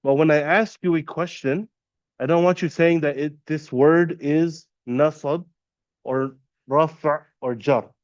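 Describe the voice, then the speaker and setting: A man teaching a classroom lesson, patiently quizzing students and repeating terms slowly. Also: on the high side, fairly even intonation, dry recording, dull audio. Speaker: Arabic teacher. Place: classroom at an Islamic center.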